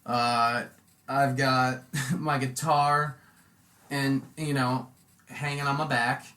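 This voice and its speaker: Laid-back male host, crisp bright tone, loose storyteller. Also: medium pitch, takes it slowly. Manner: relaxed storytelling, loose with fillers like "like". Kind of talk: casual chat.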